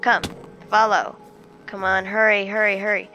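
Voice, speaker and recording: A woman's voice: medium pitch, flat delivery, normal speed, sharp tone, soft background music. A woman talking to herself as she plays a survival game, describing each step she takes. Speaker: gamer narrating her own play. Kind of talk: casual let's-play commentary. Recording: dull lo-fi recording.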